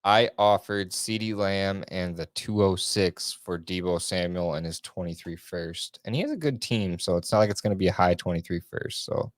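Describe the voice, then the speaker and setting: Low-voiced man hosting a casual podcast. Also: normal speed, hardly any pauses, dry recording, studio quality. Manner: rambling, self-correcting, chatty. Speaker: podcast host. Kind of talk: casual solo podcast chat.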